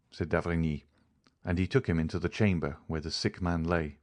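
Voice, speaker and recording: A man narrating a classic novel as an audiobook, in a steady, even storytelling manner. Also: low-pitched, moderate pace.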